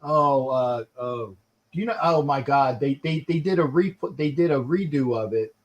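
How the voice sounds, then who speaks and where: A man's voice: mid-range voice, normal speed, muffled recording. Rambling man hosting a fan livestream. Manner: rambling, searches aloud for words. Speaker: host. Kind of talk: casual livestream chat.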